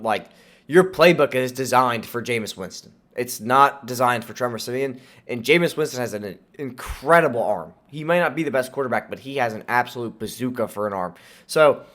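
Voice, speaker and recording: A man's voice: mid-range voice, a bit bright. A young man hosting casual sports commentary, opinionated and rambling, with a sore throat that makes him sound nasal and slightly lisping. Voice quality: slight lisp. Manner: opinionated, rambling with fillers and restarts. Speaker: sports podcast host.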